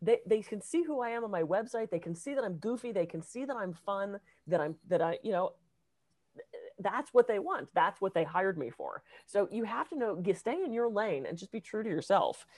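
A woman, a professional speaker, chatting casually; she is candid and a bit irreverent, and tells lively stories. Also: mid-range voice, moderate pace. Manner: lively storyteller acting out quotes. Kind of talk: casual conversation.

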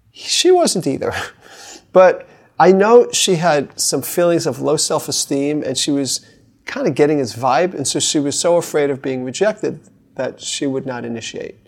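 A man's voice: medium pitch, vocal fry. A middle-aged man, a therapist, telling a client story in casual talk and animatedly acting out the people in it. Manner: animated, slips into the voices of the people in his stories.

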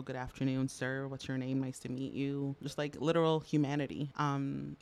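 A middle-aged woman from Canada chatting as an interview guest, telling stories with lots of fillers and laughs. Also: extremely low pitch. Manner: animated storyteller, frequent fillers, laughs often. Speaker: podcast guest. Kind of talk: casual interview chat.

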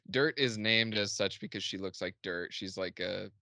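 A man's voice: fairly low pitch, measured pace, vocal fry, pushed and bright, dry recording, studio quality. A young man chatting casually as a podcast guest, rambling with lots of filler words. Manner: rambling, filler-heavy, laid-back. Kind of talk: casual chat.

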